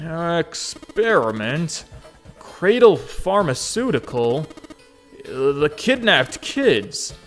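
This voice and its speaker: A man doing a gruff, rattled game character who drags his words out slowly and mumbles his way through each thought. The pitch leaps and drops across a wide range as he halts and restarts. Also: sing-song, fairly bright tone, faint music behind, heavily acted. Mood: mumbling. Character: big gruff adult man, confused and shaken.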